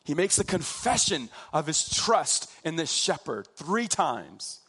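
A man preaching a sermon, slow and emphatic, drawing out key phrases for weight. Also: fairly high pitch, big pitch swings, a bit bright, slightly rough.

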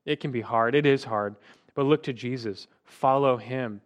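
A man's voice: medium pitch, normal speed, muffled recording. A man teaching a Bible lesson to a class, earnest, asking questions and often repeating words as he goes.

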